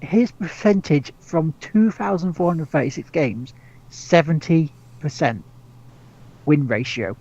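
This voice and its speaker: Gravelly man rambling on a podcast. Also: on the high side, measured pace, a little mellow, dull audio. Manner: rambling, full of restarts and swearing, laughs often. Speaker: podcast host. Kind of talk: casual chat.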